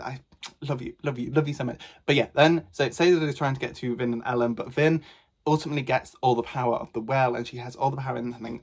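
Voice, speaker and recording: Man, book reviewer; casual, gushing, excitable delivery at a middling pitch. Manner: gushing, excitable, rambling with fillers.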